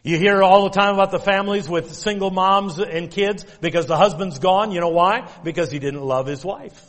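In the church sanctuary, a middle-aged pastor with a high, slightly bright voice speaks at normal speed, mixing folksy stories with emphatically repeated commands. The recording carries the hall's long reverb.

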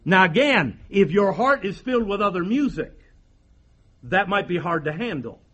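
A man's voice: sits high, very animated, moderate pace, a bit bright, slightly rough. A man preaching a sermon as pastor, emphatic, repeating phrases and firing rhetorical questions at the congregation.

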